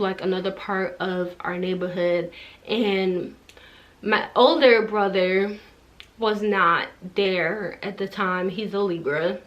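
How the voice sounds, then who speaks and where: A woman's voice: medium pitch, fairly bright tone, muffled recording. A young woman vlogger telling a personal story time in a casual, emotional way, with lots of "like". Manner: casual, heavy use of "like", emotional and tearful in places.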